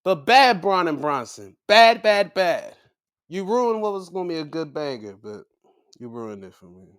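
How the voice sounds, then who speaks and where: A male podcast host talks in a casual, profane way. His pitch swings widely, and he jumps into a high voice when he acts out quotes. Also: sing-song, normal speed, a bit bright, smooth. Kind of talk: casual wrestling recap.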